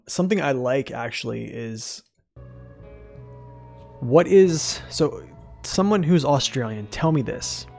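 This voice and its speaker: A man's voice: mid-range voice, gravelly, a little mellow. A young American man chatting casually with his live chat as a streamer, rambling and answering questions. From United States.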